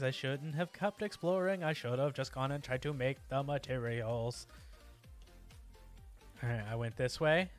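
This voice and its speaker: A man's voice: mid-range voice, measured pace, faint music behind. A man casually chatting while streaming a game, rambling and breaking into yelps and exclamations as things happen in play. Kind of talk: casual gameplay chat.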